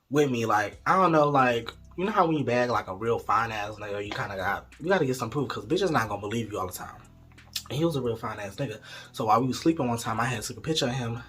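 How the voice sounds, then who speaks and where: A young man telling a storytime vlog story in an animated, profane, gossipy way. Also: medium pitch, a little fast, husky, faint music behind. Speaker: vlogger.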